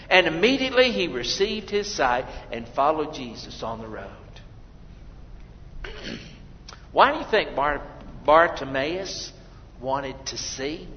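A man preaching a sermon, swinging between loud exclamations and hushed, quiet lines. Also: fairly high pitch, big pitch swings, takes it slowly, pauses often, slight background noise. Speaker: pastor. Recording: dull lo-fi recording in a reverberant hall.

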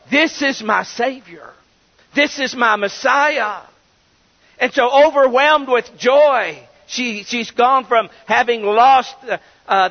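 A man preaching a sermon, retelling a scripture story with acted-out dialogue and building to emphatic declarations. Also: sits high. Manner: storytelling preacher, acting out quoted dialogue, rising to emphatic exclamations. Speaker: pastor. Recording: dull reverberant hall recording.

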